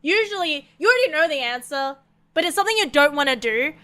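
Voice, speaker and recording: A woman's voice: high-pitched, animated, quick pace, sharp tone. An Australian woman streaming a game, chatting casually, swearing freely and laughing often.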